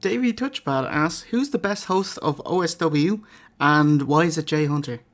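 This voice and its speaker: A man's voice: a little high, normal speed. An Irish man hosting a podcast, reading out listener questions and bantering casually with a guest. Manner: casual, joking, swears. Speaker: podcast host.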